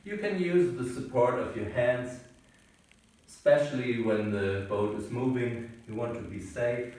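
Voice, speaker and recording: The yoga teacher here is a man with a medium pitch, offering calm, unhurried guidance during a class on a sailboat. Because a far-off camera mic recorded him, the audio is roomy and distant.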